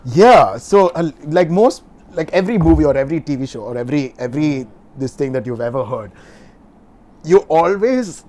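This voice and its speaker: A man, a podcast guest telling an animated story, laughing often and swearing casually. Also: on the high side, normal speed.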